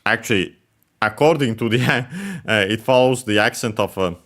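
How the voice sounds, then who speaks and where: A man giving a language lesson over a video game playthrough, hesitant, full of fillers and quick self-corrections, chuckling now and then. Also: mid-range voice, animated, a bit bright. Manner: explanatory, chuckles while explaining. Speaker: language teacher. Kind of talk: let's-play language lesson.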